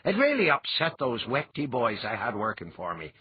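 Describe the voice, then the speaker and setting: A man voicing a blunt, hearty clan chief with a husky voice. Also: mid-range voice, wildly swooping pitch, moderate pace, voice pushed up, heavily acted. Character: gruff blunt clan chief, reformed drinker. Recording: dull lo-fi audiobook recording.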